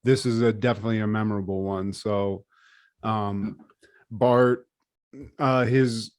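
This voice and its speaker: A man co-hosting a podcast in loose casual chat, retelling scenes in a profane, animated way. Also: on the low side, unhurried, clear, resonant tone. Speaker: podcast co-host.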